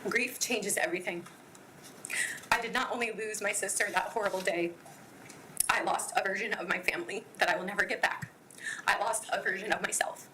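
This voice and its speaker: A woman giving a victim impact statement in court, reading her prepared statement in an earnest, measured way. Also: mid-range voice, steady tone, pushed and bright, slight background noise, poor audio.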